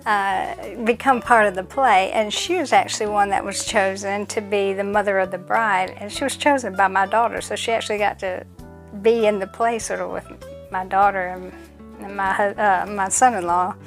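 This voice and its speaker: Middle-aged woman vlogger, casual storyteller, animated, mid-pitched, faint music behind. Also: moderate pace. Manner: animated, acts out other people's voices in quotes. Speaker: vlogger and community theater actress.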